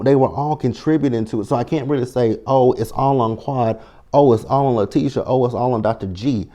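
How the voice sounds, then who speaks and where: This man has a medium-pitched voice with a dark tone. He gives a loose, profane recap of reality TV, blunt and sassy, repeating what he said as he watched.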